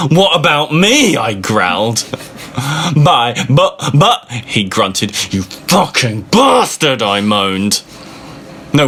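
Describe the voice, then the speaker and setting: Man, comic reading aloud, sarcastic asides, bright voice, very lively pitch, slow delivery. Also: a little hiss or hum. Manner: amused, sarcastic, swearing freely. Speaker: reader of a fan fiction. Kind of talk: comedic dramatic reading with mocking asides.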